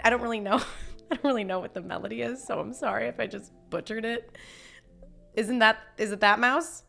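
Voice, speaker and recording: A woman's voice: a little high, a little fast, gravelly, pushed and bright, soft background music. A young woman chatting casually on a live stream, reading chat messages, laughing often and talking with lots of restarts. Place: home.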